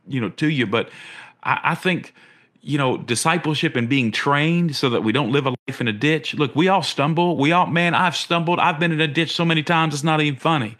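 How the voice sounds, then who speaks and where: A middle-aged pastor preaches earnestly, repeating his words often, his pitch rising whenever he asks a question. His voice is a bit bright.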